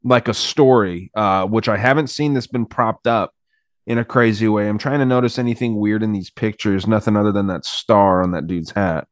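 A man's voice: on the low side, steady tone, normal speed, no room sound, studio quality. A man co-hosting a casual podcast, talking loosely with many fillers and some swearing. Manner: hedging, filler-heavy, swears. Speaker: podcast co-host. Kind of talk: casual chat.

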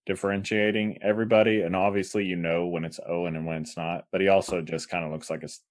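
A man's voice: low-pitched, little pitch movement, quick pace. A man co-hosting a podcast, laid-back in casual comic book chat, giving short agreeing replies and dry remarks. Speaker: podcast co-host.

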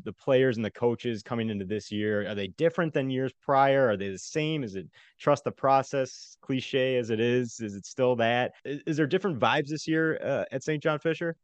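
A man's voice: mid-range voice, dry recording, muffled recording. A young man hosting a casual sports podcast, upbeat and chatty, laughing often. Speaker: podcast host.

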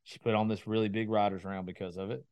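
A man's voice: lowish voice, level tone, fast talker, a little mellow, clean tone, no echo. Chatty podcast host man. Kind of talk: casual chat.

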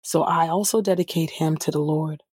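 A woman's voice: low-pitched, fairly even intonation, normal speed, darkish tone, husky, dry recording, clean studio sound. A woman who reads scripture aloud and then leads a fervent, spontaneous prayer, often repeating "oh God" and restarting her phrases. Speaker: Bible reader and prayer leader.

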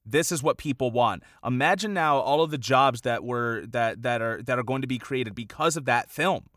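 A man's voice: mid-range voice, moderate pace, fairly bright tone, no echo, clean studio sound. A man co-hosting a casual podcast chat, rambling and filling gaps with "like" and "you know.". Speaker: podcast co-host.

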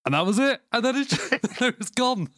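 A man's voice: very high-pitched, animated, normal speed, a bit bright, no room sound, clean studio sound. A man, co-hosting a podcast, telling a story in casual chat, laughing often and swearing freely. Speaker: podcast co-host.

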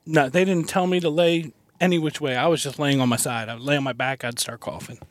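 A male guest in a van telling a story in a halting, casual way, chuckling now and then. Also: fairly high pitch, steady tone, dry recording. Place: inside a parked van.

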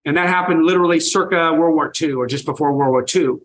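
Poor-quality audio captures an older raw milk farmer talking as a guest in a lively interview. His voice is a little high and his pace quick, and he tells his stories enthusiastically, repeating himself for emphasis.

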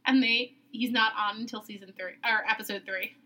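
A young woman with a bright, high-set voice chats casually as a podcast co-host. She talks freely, laughs often and swears without a second thought. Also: fairly even intonation, brisk. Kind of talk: casual chat.

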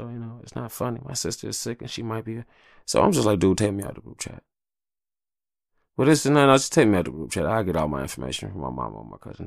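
A married man hosting his own podcast, talking casually and profanely in a rambling monologue, often jumping into exaggerated high voices. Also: vocal fry, no echo, clean studio sound. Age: adult, married with kids. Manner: rambling, profane, animated, jumps into high-pitched quoted voices. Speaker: podcast host.

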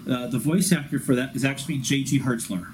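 Excitable male podcast co-host, faint hiss. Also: medium pitch, poor audio. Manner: excitable, quick bursts, laughing at himself. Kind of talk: casual fan podcast chat.

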